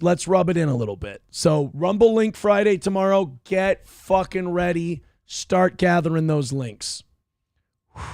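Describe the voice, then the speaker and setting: Brash, gravelly male livestream host. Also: sits high, no room sound, studio quality. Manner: loud, brash and mocking, with sudden yelled outbursts. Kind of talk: crude casual livestream commentary.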